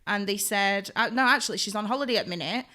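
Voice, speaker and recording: A young woman, a hairdresser co-hosting a podcast, chats casually and tells stories with animation, acting out the quotes. Her mid-range voice moves fast.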